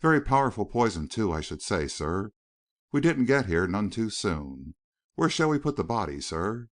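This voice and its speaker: Male narrator plays an obsequious little undertaker's man, smooth and low. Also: sing-song, moderate pace. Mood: matter-of-fact. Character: small, bland, obsequious undertaker's assistant man.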